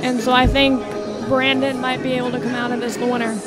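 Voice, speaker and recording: A female commentator offers an even-toned prediction for a wrestling match. Her voice is high yet barely varies in pitch. Crowd noise and music are clearly heard behind her. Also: a little fast. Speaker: color commentator.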